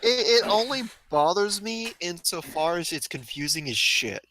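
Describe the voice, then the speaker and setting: A man's voice: high voice, lively intonation, sharp tone, a little hiss or hum. A man co-hosting a late-night stream, drawling and swearing casually. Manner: slow, drawling, swears a lot. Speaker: stream co-host.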